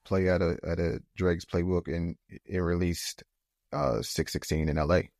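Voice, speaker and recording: A man with a lowish voice co-hosts a podcast in loose, casual chat. He circles back on his words with plenty of fillers and builds to heated, emphatic bursts. The sound is dry, with little room. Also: little pitch movement, normal speed, gravelly, darkish tone, dry recording. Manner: heated, rising to emphatic outbursts; loose, repetitive phrasing with many fillers. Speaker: podcast co-host.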